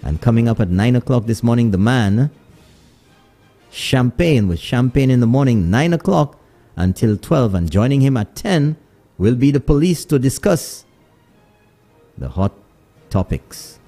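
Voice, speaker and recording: A man's voice: mid-range voice, lively intonation, a little slow, long pauses, dark tone, soft background music. A man hosting a call-in radio talk show, greeting listeners in many places and signing off. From Saint Lucia.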